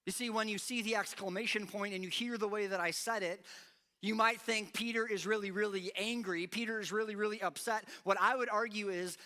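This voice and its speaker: Bright-voiced animated male pastor preaching. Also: high-pitched. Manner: animated, acts out quoted lines with rising intensity. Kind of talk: sermon. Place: church.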